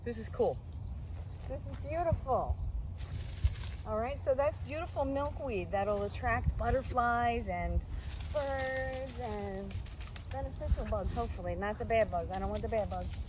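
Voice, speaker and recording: A woman's voice: on the high side, animated, unhurried. A woman chatting earnestly while walking outdoors in the woods, out of breath. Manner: chatty and earnest, self-described spiritual practitioner. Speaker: vlogger. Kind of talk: casual walking vlog. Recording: outdoor field recording with noise.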